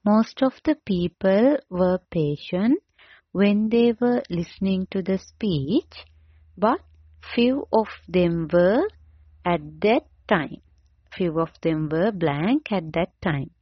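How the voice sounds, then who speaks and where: Slow, careful woman teacher spelling words. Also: medium pitch, breathy edge, no echo, lo-fi sound. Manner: slow, deliberate, repeats each word and spells it out. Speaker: English teacher. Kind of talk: dictation lesson, spelling words letter by letter.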